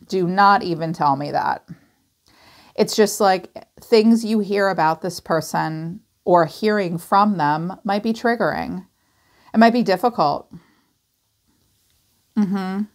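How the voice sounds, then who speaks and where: A woman giving a casual, chatty tarot reading, acting out quoted voices and swearing now and then. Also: mid-range voice. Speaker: tarot reader.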